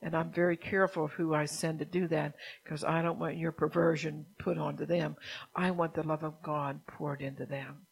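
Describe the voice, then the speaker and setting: Woman, sermon, gravelly husky voice, flat delivery, asks listeners if they follow, soft whispers at times. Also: low voice, moderate pace, rough recording. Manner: keeps asking the listeners if they understand. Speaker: preacher.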